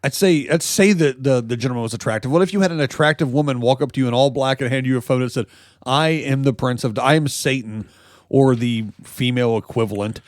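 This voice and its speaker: Male comedy podcast co-host, average pitch, dry-sounding, laughs a lot, loose rambling delivery. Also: fast, hardly any pauses, darkish tone, dry recording. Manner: jokey, laughs often, rambling asides. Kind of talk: casual comedy podcast chat.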